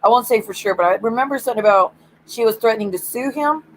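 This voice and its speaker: A woman's voice: on the high side, fast talker, a little hiss or hum, low-quality recording. A woman streamer ranting bluntly and swearing in casual stream chat.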